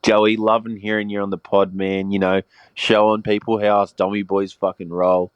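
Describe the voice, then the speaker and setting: A man's voice: lowish voice, little pitch movement, moderate pace, smooth, dry recording, muffled recording. A man leaving a laid-back voice message with casual swearing. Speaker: voice message sender.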